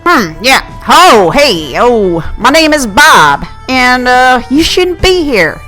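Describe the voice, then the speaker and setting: A woman voicing a retired male zoologist who explains things slowly and hesitantly. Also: sits high, very animated, sharp tone, faint music behind, full character voice, rough recording. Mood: explaining. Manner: slow, lecturing, hesitant.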